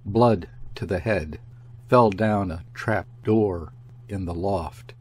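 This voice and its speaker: A man narrating a classic story as an audiobook reader, in a measured, unhurried way. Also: low-pitched, a little mellow, slight background noise. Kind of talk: scripted literary narration.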